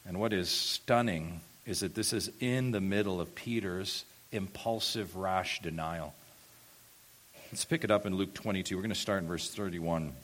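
A man preaching an expository sermon, reading scripture and swelling loud for emphasis before dropping low again. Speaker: pastor.

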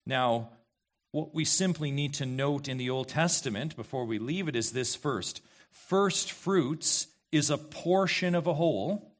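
A man's voice: a little high, unhurried. A male pastor preaching an expository sermon, emphatic and questioning, repeating key phrases to the congregation.

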